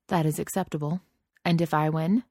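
A woman voicing a stiff, formal male alien science officer who speaks in a deadpan, precise way. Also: deep voice, normal speed, no room sound, studio quality.

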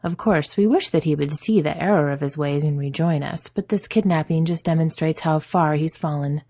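A woman's voice: sits low, normal speed, mellow, dry recording, clean studio sound. A woman voicing a scheming male wizard who puts on a fake sad tone. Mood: falsely sorrowful.

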